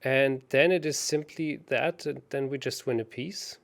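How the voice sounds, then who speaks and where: A man talks slowly through a chess puzzle, thinking aloud and often stopping to correct himself. His voice has a gravelly, creaky edge. He pokes fun at his own mistakes. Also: mid-range voice. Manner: thinks aloud, hesitant, self-mocking. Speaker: chess co-host solving puzzles. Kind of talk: casual puzzle-solving chat.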